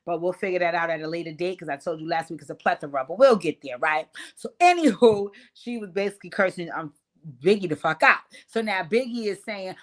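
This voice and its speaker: Woman host, casual recap, brash and profane delivery, animated storyteller. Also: fairly low pitch, fairly quick. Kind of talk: casual reality-show recap.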